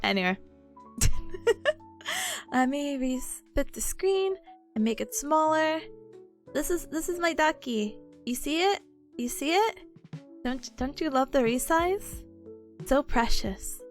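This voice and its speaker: A woman's voice: very high voice, very animated, moderate pace, fairly bright tone, faint music behind. A woman streamer chatting live with her viewers, bubbly and giggly, rambling as she goes.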